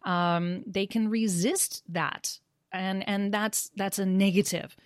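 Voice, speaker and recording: A woman in casual discussion, speaking in a measured, thoughtful, academic way. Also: mid-range voice, steady tone, no echo, clean studio sound. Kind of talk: casual discussion on teaching pronunciation.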